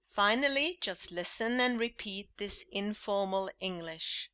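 A woman leads an English lesson podcast with a bright, crisp voice. She reads drill sentences at a slow, deliberate pace so learners can repeat after her. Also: mid-range voice, lively intonation. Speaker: English teacher.

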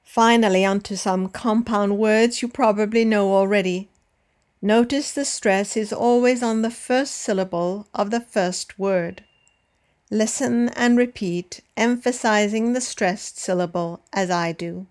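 A woman teaching an English lesson, reading a script and leading listen-and-repeat drills with slow, deliberate, carefully enunciated words. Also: medium pitch, fairly even intonation, darkish tone.

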